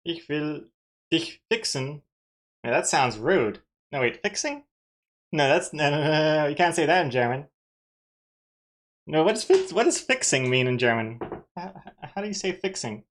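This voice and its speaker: A woman's voice: sits low, lively intonation, normal speed, pauses often. A woman from Austria chatting casually on a live stream, playful and self-mocking, often laughing at herself.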